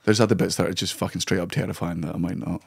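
A man's voice: sits low, steady tone, very fast, creaky, husky, no room sound. Scottish guy, caithness accent, swears constantly, dry close mic, laughing as he tells it. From Scotland. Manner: swears a lot, laughs through stories. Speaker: comedian guest. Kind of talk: casual podcast chat.

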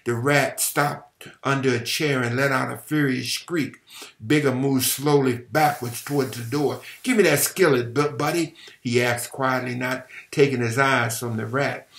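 A man's voice: medium pitch, creaky, fairly bright tone. A man reading a novel aloud dramatically, sometimes stumbling and rereading words. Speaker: reader. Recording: roomy echo.

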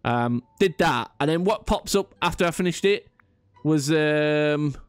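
A man's voice: fairly high pitch, lively intonation, measured pace, clean tone, no echo. A man rambling through casual gameplay commentary, chatty and self-mocking with frequent restarts. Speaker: gaming YouTuber.

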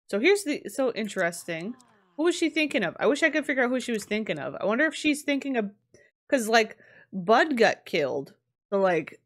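A woman casually commenting on a life simulation game as she plays, chatty and excitable, laughing often. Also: medium pitch. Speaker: streamer. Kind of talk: casual let's-play commentary.

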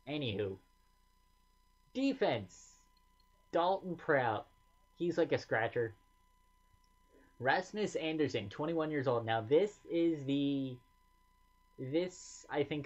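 A man giving casual gameplay commentary as a gaming video host, thinking aloud with mumbled asides and quick self-corrections. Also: mid-range voice, darkish tone. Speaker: gaming YouTuber. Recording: slightly dull lo-fi sound.

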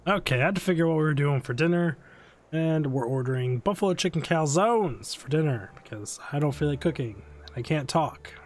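A man's voice: a little high, expressive, fairly quick. A young man hosting a gaming channel while sick and losing his voice, rambling casually to his viewers in a self-deprecating way. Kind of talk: casual gameplay commentary.

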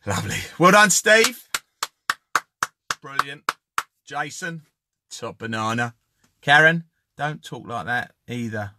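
A man's voice: medium pitch, expressive, slow pace, pauses often. A man hosting a casual live-stream giveaway, joking and calling out viewers by name. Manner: jokey, chatty, shouting out viewers by name.

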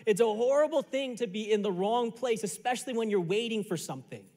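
A male pastor preaching a sermon, telling a story in a lively conversational way that builds to a lesson. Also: sits high, a little fast, big-room sound. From Chicago area. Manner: animated, conversational storytelling with repeated phrases. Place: church sanctuary.

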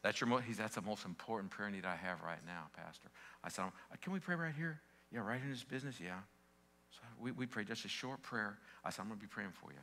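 A middle-aged man preaching a passionate sermon in a church, calling out to the congregation and dropping from loud shouting peaks to quiet storytelling. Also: fairly low pitch, animated, a little fast, vocal fry. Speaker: pastor. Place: church sanctuary.

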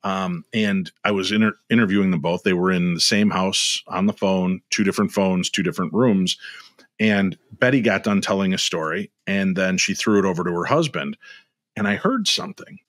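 Low, dry-voiced middle-aged man telling stories. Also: moderate pace, no room sound. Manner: animated storyteller acting out dialogue. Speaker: guest. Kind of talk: storytelling interview. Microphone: video call.

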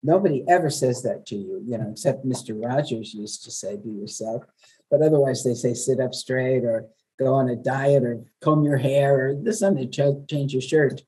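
An older woman from New York, a veteran radio journalist, telling stories in a chatty, lively way as an interview guest. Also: a bass voice, moderate pace, slightly rough, rough recording. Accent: New York, softened. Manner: warm, chatty storyteller with laughs. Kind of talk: webinar interview.

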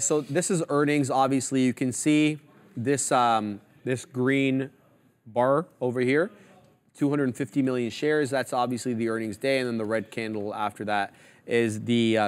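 A man's voice: mid-range voice, fairly even intonation, unhurried. Casual male trading-show host. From Canada. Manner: casual, chatty, walks through charts aloud. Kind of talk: live market commentary.

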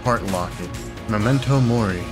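A young man with a low voice gives casual, sweary gameplay commentary, jumping into excited, frustrated outbursts. Game music plays clearly behind him. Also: normal speed. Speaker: gamer.

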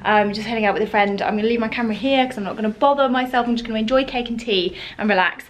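A young woman talks to camera at home in a chatty, exasperated vlog style. Her voice sits a little high, and she rants freely with sighs and small laughs between her points. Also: rapid-fire, slight background noise. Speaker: vlogger. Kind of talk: casual vlog chat to camera. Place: home flat, indoors.

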